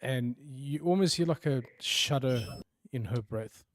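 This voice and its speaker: A man's voice: mid-range voice, a little slow, no room sound, clean studio sound, faint music behind. Man narrating as game master. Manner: descriptive narration that drops to hushed tones.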